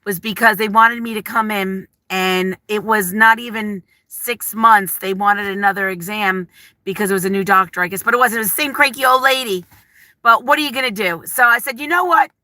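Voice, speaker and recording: Bright-voiced chatty woman vlogger. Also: medium pitch, fairly quick, no room sound. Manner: rambling, chatty, reads viewer comments aloud; openly nervous and emotional. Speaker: livestream vlogger. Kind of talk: casual live-chat talk.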